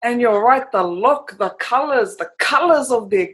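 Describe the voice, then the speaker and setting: A woman chatting casually with friends, slow and expressive as she describes things. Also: on the high side. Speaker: guest, friend.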